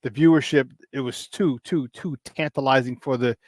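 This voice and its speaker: A man hosting a casual morning sports talk show, energetic and slangy, greeting viewers by name and laughing often. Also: medium pitch, moderate pace, no room sound, studio quality.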